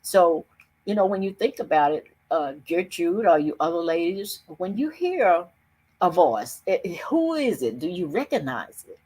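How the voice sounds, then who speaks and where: A woman's voice: lowish voice, very animated, darkish tone, breathy edge. An older woman telling a personal story earnestly on a video call, with emphatic shifts of pace. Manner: earnest, emphatic, speeds up and slows down. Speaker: summit speaker.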